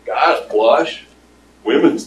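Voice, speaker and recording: An older man giving a casual, rambling pitch to an audience, with lots of fillers. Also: extremely slow. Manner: rambling storyteller with many fillers. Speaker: startup presenter. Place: meeting room with audience. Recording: roomy, distant room recording.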